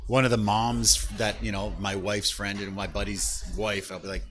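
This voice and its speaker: Low-voiced man hosting a tipsy chat. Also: steady tone, moderate pace, a bit bright. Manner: loose storytelling, acts out quoted people. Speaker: host. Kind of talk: casual chat over beers.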